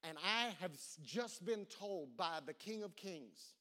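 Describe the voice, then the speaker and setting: A bright, high-voiced preaching man. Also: lively intonation. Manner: dramatic, repeats words, draws out phrases slowly. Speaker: pastor. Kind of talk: sermon.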